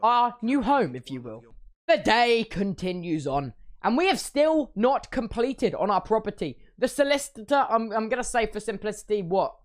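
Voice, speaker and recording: A man's voice: sits high, sing-song, moderate pace. A young man streaming, telling a playful, exaggerated story and slipping into silly voices.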